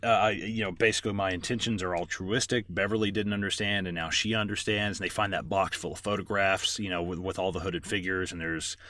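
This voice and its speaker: A man's voice: deep voice, steady tone, brisk, few pauses, sharp tone, slight background noise. A man co-hosting a casual movie podcast, rambling through plot recaps with lots of fillers and swearing. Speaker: podcast co-host.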